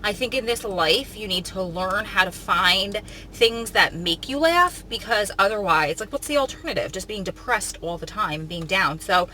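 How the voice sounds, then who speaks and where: A woman talking casually to her vlog viewers in a chatty, rambling way, full of fillers and quick to joke and laugh. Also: medium pitch, expressive, sharp tone, low-quality recording. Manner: laughs easily, jokey. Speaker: vlogger.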